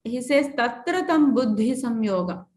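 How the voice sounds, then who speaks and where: A woman teaching scripture, chanting Sanskrit verses slowly and then explaining them word by word. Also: a little high, animated, darkish tone. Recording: echoey room.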